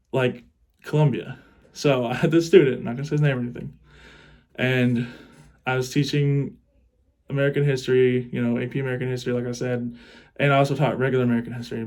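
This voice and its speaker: A man's voice: medium pitch, a little mellow. A young man spins a crude comic anecdote in a casual, rambling way. His swearing is offhand, he laughs along as he goes, and he keeps circling back on his own sentences. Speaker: teacher.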